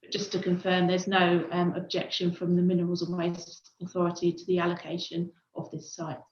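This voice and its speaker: A woman's voice: on the low side, monotone, a little fast. A woman council planning officer giving a careful formal explanation at a hearing, with frequent hesitations. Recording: dull, echoey remote audio.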